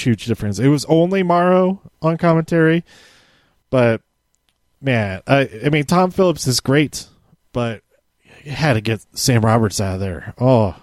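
A man's voice: medium pitch, darkish tone, no room sound. A man casually reviewing a wrestling episode from handwritten notes, rambling with many fillers and restarts.

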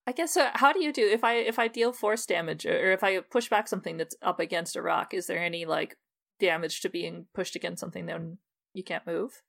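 A woman's voice: fairly low pitch, fairly quick, creaky, a bit bright. A woman playing a tabletop game, chatty and giggly. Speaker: player. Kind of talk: casual tabletop game play.

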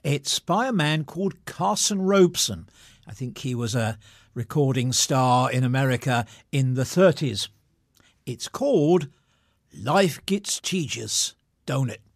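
A man presenting between readings, in a lively and wry storytelling way. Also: medium pitch, a little slow, no room sound, clean studio sound.

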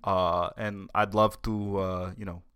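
A man's voice: low voice, little pitch movement, takes it slowly, fairly bright tone, smooth, no room sound, studio quality. A man doing an impression of an elderly male politician who rambles, stammers and trails off. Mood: rambling.

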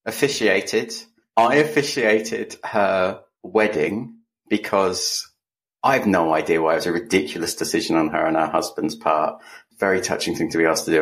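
A man co-hosting a podcast, chatting casually and telling stories with dry, self-mocking humor. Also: low-pitched. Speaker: podcast co-host. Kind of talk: casual chat.

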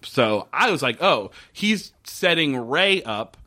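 A man casually recapping a TV episode with a co-host, animated and profane, acting out the characters' lines. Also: on the high side, slow pace. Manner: profane, wry. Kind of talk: casual chat.

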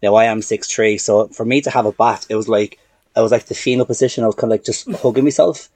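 A man, a podcast guest telling animated, laughing stories in casual chat. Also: fairly low pitch, quick pace, no echo.

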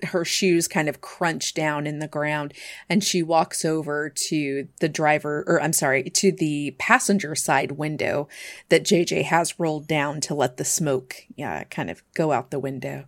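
Slow-spoken woman narrating a game. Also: sits low, fairly even intonation, no room sound, studio quality. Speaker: game master.

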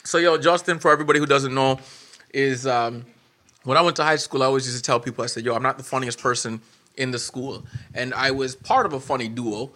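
A man hosting his podcast as a comedian, chatting casually and telling stories with loud laughs. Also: medium pitch, fairly even intonation, brisk. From Canada. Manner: loud, laughing storyteller who acts out voices in jokes. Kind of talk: casual chat.

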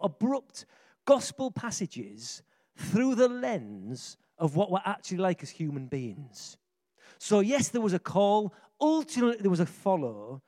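Man, high voice, very lively pitch, excitable jokey preaching. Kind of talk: lively sermon storytelling.

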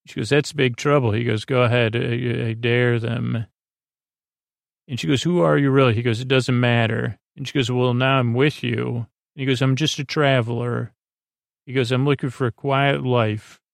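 A man hosting a sleep podcast, giving a slow, rambling recap of an episode with many halting fillers and restarts. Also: medium pitch, creaky, no room sound, clean studio sound.

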